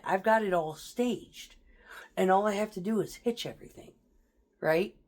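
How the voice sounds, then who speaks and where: Blunt, profane woman veteran telling war stories. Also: lowish voice. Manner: profane, blunt, laughs through tense memories. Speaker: military veteran. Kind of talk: casual storytelling.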